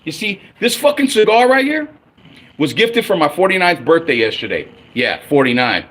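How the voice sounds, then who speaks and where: On his own livestream, a forty-something male fan delivers a blunt, angry, profanity-laced rant. His voice sits a little high, with a sing-song lilt, moderate pace and a bit of brightness.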